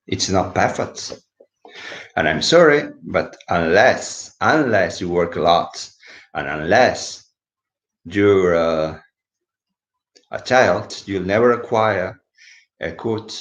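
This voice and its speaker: A man, a bit sleepy, giving a casual English lesson and switching between English and to explain words. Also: low voice. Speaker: English teacher. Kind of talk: casual live video lesson. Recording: echoey room, dull lo-fi sound.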